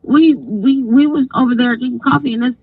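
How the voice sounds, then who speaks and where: A woman tells a story on a live stream, her voice husky and a little high. She talks in a casual, animated, profane way and acts out the lines of the people in her story. The sound is dry and thin, like a phone line. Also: brisk, no room sound. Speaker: channel host telling a story.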